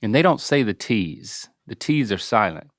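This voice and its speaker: A man's voice: on the low side, very animated, normal speed. A man in his forties on a casual podcast, playfully coaching his father through pronunciations and spelling words out letter by letter. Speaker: podcast co-host, son quizzing his father. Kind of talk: casual chat.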